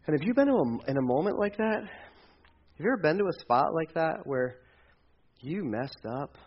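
A man preaching a conversational sermon, swinging from loud emphasis to hushed, quiet passages. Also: on the high side, very animated, a little fast, muffled recording, a little hiss or hum. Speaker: pastor.

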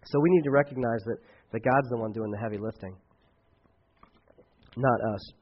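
A man preaching a sermon as pastor, emphatic, swinging between loud outbursts and quiet asides. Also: mid-range voice, moderate pace, pauses often. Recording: dull lo-fi recording.

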